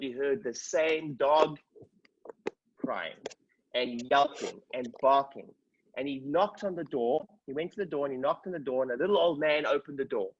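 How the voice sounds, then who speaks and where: A man's voice: medium pitch, lo-fi sound. A man coaching a group over a call, telling stories with energy and checking in with his listeners. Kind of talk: motivational talk on a group call. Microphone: video call.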